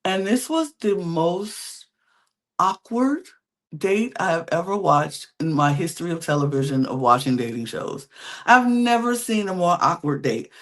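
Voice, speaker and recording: A woman hosting a podcast, recapping reality TV in an animated, chatty storytelling style with slangy quips. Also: on the low side, a little slow. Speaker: podcast host.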